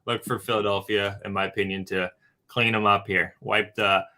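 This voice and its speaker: Low, bright-voiced betting guest, man. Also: fairly even intonation, a little fast. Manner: loose, addresses listeners as guys, filler-heavy. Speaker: guest hockey handicapper. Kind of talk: casual sports betting talk.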